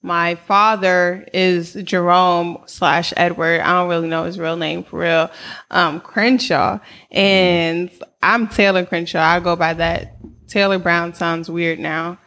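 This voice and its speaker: A woman's voice: on the low side, fairly even intonation, takes it slowly, a bit bright. A woman in her thirties with a New York accent, telling her story as a guest in a casual interview, candid and slangy, laughing often.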